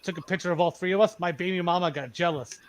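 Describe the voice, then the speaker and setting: A man's voice: high voice, fast talker. A man in his thirties from Massachusetts, telling long rambling stories full of swearing in casual voice chat. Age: 30s. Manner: rambling, profane, repeats himself.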